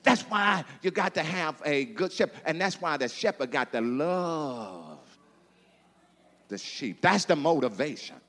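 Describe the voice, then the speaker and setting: A male preacher with a higher-pitched voice, swooping up and down as he calls out to his congregation and repeats phrases in a rolling, rhythmic delivery. His words hang in the long echo of a hall. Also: lively intonation, measured pace, fairly bright tone. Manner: call-and-response preaching with rhythmic repetition. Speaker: pastor. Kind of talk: sermon.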